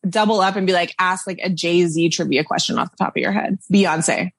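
A woman's voice: lowish voice, steady tone, fairly quick, slightly rough, no room sound. A woman co-hosting a casual podcast, blunt and competitive in a trivia game. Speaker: podcast co-host, quiz contestant.

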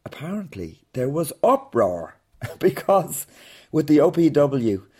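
A man's voice: a little high, sing-song, slow pace, mellow, slightly rough. A man, a comedian hosting a podcast, ranting through a sarcastic, swear-laden anecdote and then interviewing a guest. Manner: swears freely, rants with sarcasm. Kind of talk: rambling comic monologue and interview.

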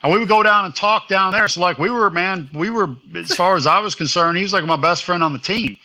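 A man, a former baseball pitcher, telling a story as an interview guest in a chatty way. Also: fairly quick, pushed and bright. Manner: chatty storytelling, acts out quotes.

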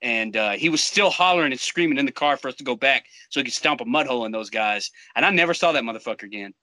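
Bright-voiced man telling a crude story. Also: medium pitch, fast, dry recording, rough recording. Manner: profane, animated, laughs often. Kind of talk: casual storytelling.

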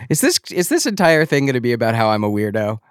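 A young man with an even, middle-pitched voice tells his story in a hesitant, self-mocking way, often restarting his sentences. The sound is dry and close, with no room around him. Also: fast talker, smooth, no room sound. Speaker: podcast host. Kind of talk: casual chat and taped phone calls.

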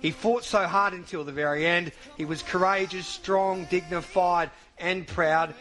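A man's voice: high voice, fairly even intonation, unhurried, bright, forceful tone. A male radio host thanking a guest and reading out a statement. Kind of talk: radio show hosting.

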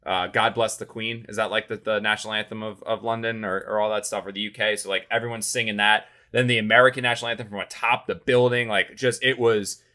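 Bright-voiced man, rambling and animated. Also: fairly low pitch, quick pace, hardly any pauses. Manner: rambling, animated storytelling with fillers. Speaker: sports reporter, podcast co-host. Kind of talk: casual podcast chat.

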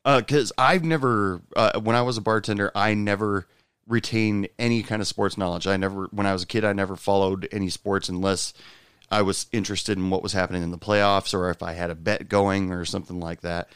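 A man's voice: on the low side, fairly even intonation, brisk, fairly bright tone, smooth, no room sound, clean studio sound. A man hosting a casual podcast chat, hesitant with lots of uhs and easy laughs. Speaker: podcast host.

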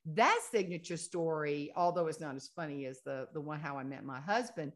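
Lively Southern woman telling folksy stories. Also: low-pitched, fairly quick. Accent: Southern American. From Southern United States. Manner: animated, folksy, laughs through stories. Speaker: author and guest. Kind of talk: casual storytelling interview.

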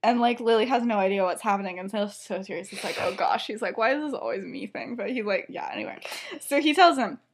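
A young woman co-hosting a podcast, casually retelling a fan story with lots of fillers, giggles and quick quoted lines. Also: mid-range voice, slightly rough. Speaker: podcast co-host.

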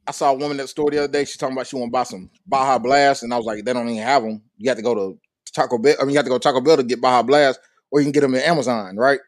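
A man co-hosting a podcast, loud and joking, swearing freely in casual banter. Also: mid-range voice, fairly even intonation, very fast, dry recording, studio quality. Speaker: podcast co-host.

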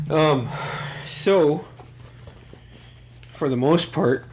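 A middle-aged man hosting a podcast in casual chat, rambling with lots of fillers and cheerful swearing. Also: medium pitch. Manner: excitable and profane, rambling with many fillers. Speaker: podcast host.

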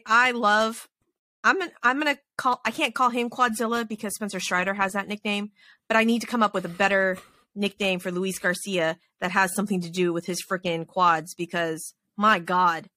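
A woman hosting a podcast from her home desk, chatting casually and animatedly, with plenty of swearing and quick asides. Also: mid-range voice, bright, forceful tone, no room sound. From Texas. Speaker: podcast host. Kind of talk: casual chat. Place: home desk with snoring dogs.

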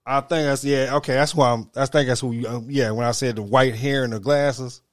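A man's voice: medium pitch, fairly even intonation, fairly quick, no echo, clean studio sound. A man co-hosting a casual podcast, rambling, stammering and laughing often, with coarse language. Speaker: podcast co-host. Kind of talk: casual banter.

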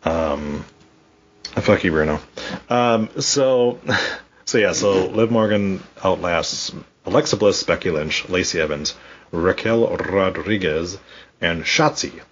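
A man's voice: sits low, slow, dull audio, a little hiss or hum. A man co-hosting a casual podcast, ranting and swearing a lot as he talks. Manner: profane, ranting, animated. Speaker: podcast co-host. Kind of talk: casual wrestling podcast chat.

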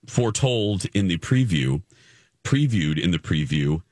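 A man's voice: a little slow, no echo, clean studio sound. A man hosting a casual chat about TV, teasing his co-hosts in a playful manner. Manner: animated, playful teasing, jumps high in pitch. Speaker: show host.

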